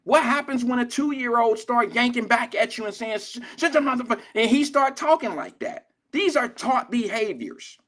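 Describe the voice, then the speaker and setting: A man's voice: extremely high pitch, animated, moderate pace, hardly any pauses, fairly bright tone. An older man hosting a drive-time radio show, telling stories in casual, profane street slang. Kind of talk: casual talk radio monologue.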